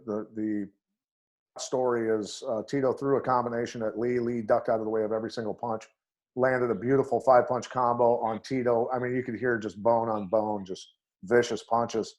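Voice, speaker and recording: A middle-aged man speaks as a podcast guest, at an ordinary pitch for a man. He tells his fight stories bluntly and with animation, leaning into the action. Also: moderate pace. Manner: blunt and animated, acts out voices in his anecdotes. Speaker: guest, MMA coach. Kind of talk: storytelling on a podcast interview.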